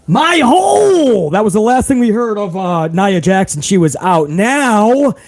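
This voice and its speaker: A man's voice: sits high, lively intonation, a little slow, darkish tone. A tired man hosting a live podcast, talking in a rambling, sarcastic way. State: tired after a long day. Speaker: podcast host.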